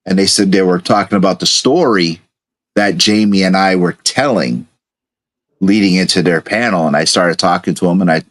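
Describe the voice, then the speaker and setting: A man's voice: sits low, moderate pace. A man co-hosting a casual chat show, rambling through his stories with stumbling restarts. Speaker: co-host.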